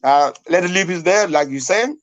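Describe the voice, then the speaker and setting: South Sudanese male debater, high-pitched, insistent, keeps cutting in with repeated words. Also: normal speed. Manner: insistent, talks over others, repeats words. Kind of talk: heated online debate.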